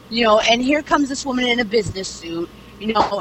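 A young woman talks in a loose, rambling way, circling back with "you know" and "like" and dropping casual swears. A steady hiss of background noise sits under her voice. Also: on the high side, brisk, few pauses. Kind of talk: casual chat, retelling a series plot.

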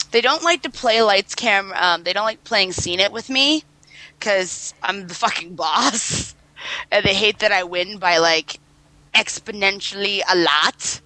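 A woman with a bright, sharp voice tells a casual story, laughing between lines and swearing freely. The sound is close and dry, with no room echo. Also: medium pitch, animated, slow. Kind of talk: casual chat.

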